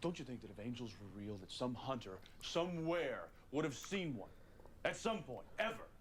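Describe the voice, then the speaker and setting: A man's voice: medium pitch, big pitch swings, normal speed, slight background noise, natural voice. An actor playing a blunt, skeptical adult male hunter who argues with doubt in a TV drama. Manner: argumentative, doubtful. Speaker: TV drama character. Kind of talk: TV drama acting.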